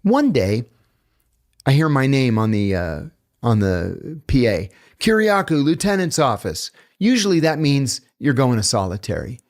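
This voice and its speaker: A man, a guest author, telling stories in casual chat, animated and blunt, with the odd curse. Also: mid-range voice, measured pace. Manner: animated, blunt, profane storyteller. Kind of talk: casual storytelling in a podcast chat.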